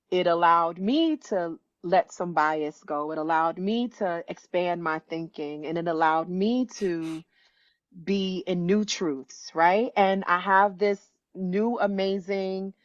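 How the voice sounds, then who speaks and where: Guest storyteller: woman, fifties, lower-pitched voice, dry slightly muffled sound, animated and earnest. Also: slow, no echo. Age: 50s. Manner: animated, acts out quoted voices with pitch jumps, many restarts. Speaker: author and educator, guest. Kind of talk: conversational storytelling.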